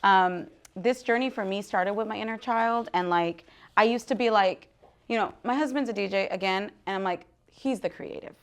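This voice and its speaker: A woman in her thirties talking candidly to an audience at a book talk, animated, laughing often and dropping to hushed asides. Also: mid-range voice, normal speed, clean tone. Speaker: guest author speaking at a book talk. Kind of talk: casual live talk to an audience.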